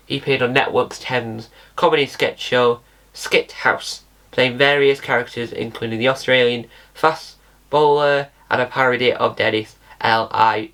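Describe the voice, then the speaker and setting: A man's voice: mid-range voice, pushed and bright. A British man hosting his own channel with casual solo commentary, rambling and correcting himself, spelling words out. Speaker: channel host.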